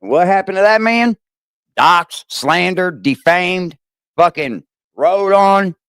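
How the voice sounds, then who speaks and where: A man ranting profanely as host of a livestream, swinging from low growls to sharp highs. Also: animated, slow pace, clear, resonant tone, no echo, clean studio sound. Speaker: streamer host. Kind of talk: heated livestream rant.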